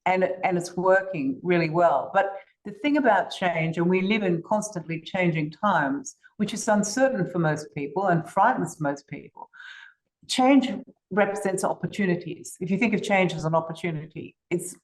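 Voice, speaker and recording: Heard through a rough recording, an older woman with an Australian accent confidently tells stories as a podcast interview guest, now and then restarting a sentence. Her voice is lowish and a little mellow.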